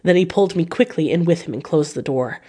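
A woman reading a classic novel aloud as an audiobook reader, in a steady, measured voice. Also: low voice, husky.

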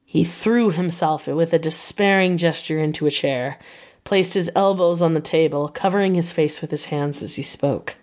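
A woman narrates a classic novel as an audiobook. Her delivery is measured and even, in a slightly low voice.

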